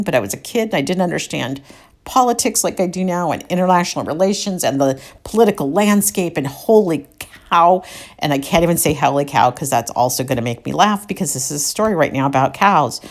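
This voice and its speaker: Low-voiced woman host with wry asides. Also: animated, fairly quick. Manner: wry, chatty asides between read passages. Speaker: podcast host. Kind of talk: reading old news clippings with commentary.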